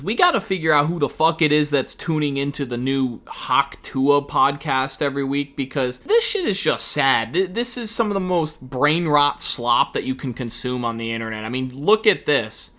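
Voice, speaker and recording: A man's voice: a little high, moderate pace, few pauses. A man giving sarcastic, profane reaction commentary on an online clip. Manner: sarcastic, profane, animated asides. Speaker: commentary YouTuber.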